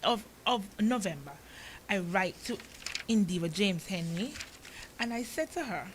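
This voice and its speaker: A woman's voice: medium pitch, lively intonation, a little slow, background noise. A woman from Antigua with an Antiguan accent, a talk show guest who argues her case with impassioned rhetorical questions.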